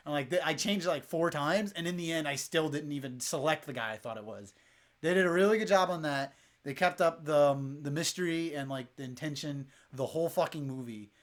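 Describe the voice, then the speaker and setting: A man's voice: on the high side, a bit bright. A young man in casual chat with friends, rambling and swearing as he recaps movies. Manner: rambling, profane, laughs often. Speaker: podcast co-host.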